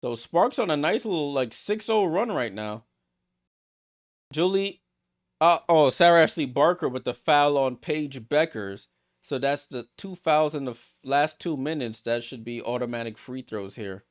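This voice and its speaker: A man hosting a live watchalong stream, calling basketball play-by-play and reacting excitedly to each play. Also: a little high, measured pace. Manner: excitable, rattles off passes, reacts aloud. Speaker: watchalong host.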